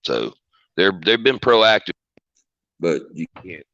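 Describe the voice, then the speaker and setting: A man's voice: low voice, big pitch swings, slow pace, dull audio, background noise. A man from Georgia hosting a casual livestream chat, rambling and restarting his sentences. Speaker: livestream host.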